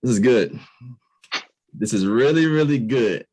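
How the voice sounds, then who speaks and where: A man's voice: medium pitch, expressive, a little slow, a little mellow, breathy edge, dry recording. A man in his late twenties from the United States hosting a podcast interview, earnest and emphatic, casual with slang. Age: late 20s. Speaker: podcast host.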